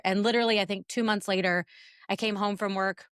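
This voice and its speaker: A woman in her forties co-hosting a casual business podcast, chatty and animated as she tells stories. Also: mid-range voice, fast, no echo, clean studio sound. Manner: storytelling, chatty, animated retellings. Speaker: podcast co-host.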